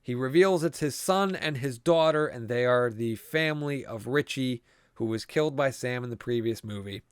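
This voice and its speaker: A man's voice: mid-range voice, normal speed, clean tone, no room sound, studio quality. A man co-hosting a podcast, casually recapping a movie scene by scene with a lot of swearing and rambling. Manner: profane, rambling storyteller. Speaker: podcast co-host.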